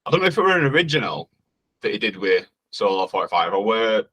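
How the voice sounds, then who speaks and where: A man's voice: lowish voice, very animated, fast talker, pushed and bright, slightly rough, poor audio. A man with a Northern Yorkshire accent, a music producer guest talking modestly in broad dialect. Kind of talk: casual interview chat.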